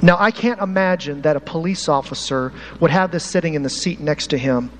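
Animated high-voiced male pastor. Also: fairly quick. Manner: animated, uses props, talks to the congregation. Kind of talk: sermon. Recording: hall reverb, faint room noise.

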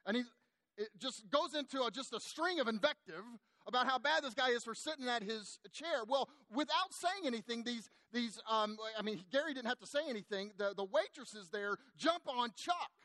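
A man preaching, telling a long story to make his point, animated at times and hushed in the sad parts. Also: very high-pitched, normal speed, no room sound. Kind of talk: sermon storytelling.

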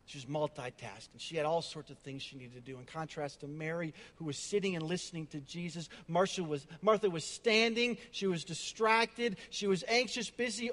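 Male pastor, high voice, emphatic sermon delivery with chatty asides, echoey hall. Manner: emphatic, repetitive, with conversational asides. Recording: long hall reverb.

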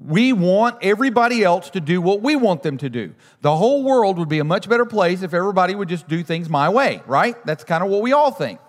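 A male pastor preaches in a loose, chatty way, leaning on self-deprecating stories. His voice sits a little high for a man. It carries the long reverb of a church hall. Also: very animated, fairly quick, few pauses. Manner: conversational, self-deprecating storytelling. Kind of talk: sermon.

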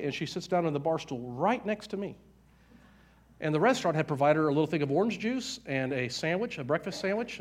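A middle-aged male pastor giving a sermon in a conversational storytelling way, with fillers and asides. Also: fairly high pitch.

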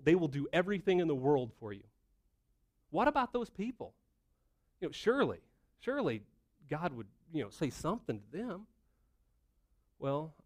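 A middle-aged man preaches with a fairly high, lively voice. His sermon is conversational and animated, built on rhetorical questions. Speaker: pastor.

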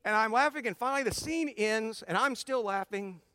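A man's voice: high-pitched, normal speed, clear, resonant tone, dry recording, studio quality. A middle-aged man giving casual advice to his audience. He mixes in personal stories and often restarts his sentences. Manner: animated storyteller with frequent restarts. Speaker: speaker addressing his audience.

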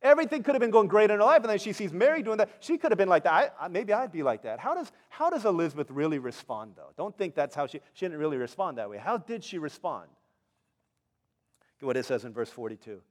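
A middle-aged male pastor preaching a sermon, telling stories in an animated way and acting out the people in them. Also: fairly high pitch, fast talker, long reverb tail. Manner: animated storytelling, acts out characters.

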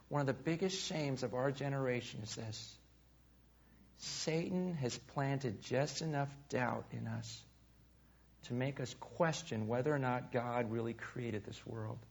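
A man preaching a sermon to a congregation, swinging between loud emphasis and hushed, quiet asides. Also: mid-range voice. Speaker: pastor. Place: room with a live congregation.

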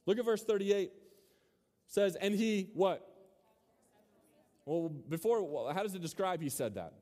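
A man's voice: high-pitched, animated, measured pace, dark tone. Young man preaching in an echoing hall. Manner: casual, joking, quizzes the audience. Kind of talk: sermon to a student crowd. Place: large hall with a live audience. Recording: hall reverb.

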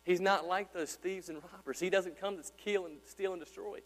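A man's voice: fairly even intonation, normal speed. A male pastor preaching a sermon in a church, talking conversationally and asking his congregation questions. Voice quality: deep. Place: church sanctuary. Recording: hall reverb with mains hum.

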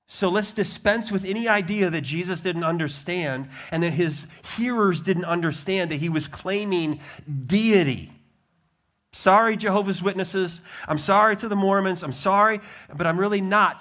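A man preaching a sermon as a pastor, emphatic and blunt, with lively swings in his delivery. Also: sits high, normal speed.

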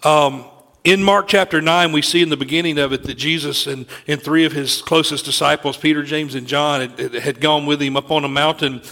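Man, middle-aged, preacher, sermon with personal story, earnest, gravelly, fairly high voice. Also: fairly even intonation, moderate pace, sharp tone. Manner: earnest storytelling with frequent restarts.

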